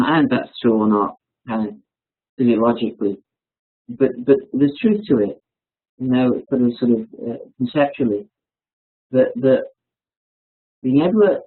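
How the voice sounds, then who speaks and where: Husky-voiced man speaking on a webinar. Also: mid-range voice. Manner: halting, repeats words, self-deprecating. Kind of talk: casual reflective talk. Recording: tinny phone-like webinar line.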